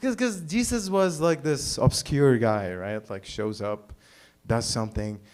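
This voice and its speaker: Man, stand-up comedian, from the Middle East, dry, halting delivery, many fillers, medium pitch. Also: a little mellow. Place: small live comedy venue.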